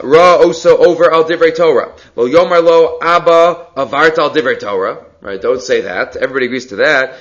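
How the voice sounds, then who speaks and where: A man's voice: fairly high pitch, fairly bright tone. A man teaching a Talmud class, reading Aramaic lines aloud and explaining them in casual English. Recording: slightly dull lo-fi recording.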